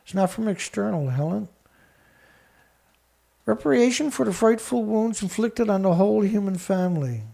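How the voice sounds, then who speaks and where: A man hosting a show, reading research text aloud haltingly and breaking in with scornful remarks to an absent critic. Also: high-pitched, animated, gravelly, warm tone. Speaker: show host. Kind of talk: reading documents aloud with commentary.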